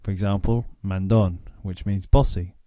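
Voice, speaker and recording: A man with an English accent narrating a grammar lesson, explaining slowly and deliberately. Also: low-pitched, fairly even intonation, warm tone, no echo. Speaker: language teacher.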